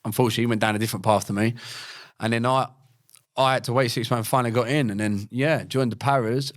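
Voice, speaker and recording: A young man, a podcast guest telling his life story in a blunt, slangy way with plenty of swearing. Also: medium pitch. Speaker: podcast guest, former paratrooper and fighter. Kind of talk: casual storytelling interview.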